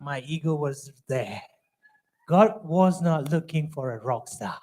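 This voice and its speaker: A man's voice: a little high, lively intonation, measured pace, a little mellow. A pastor from Myanmar speaking English with a Burmese accent. He leads a Bible study as a chatty storyteller, acting out the dialogue of his own stories.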